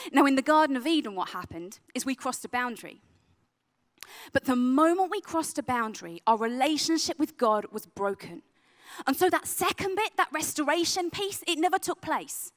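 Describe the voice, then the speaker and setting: A young adult woman who works with youth, giving an earnest sermon that drops to a soft, hushed tone on heavy points. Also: a little high. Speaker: youth worker and speaker. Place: event venue.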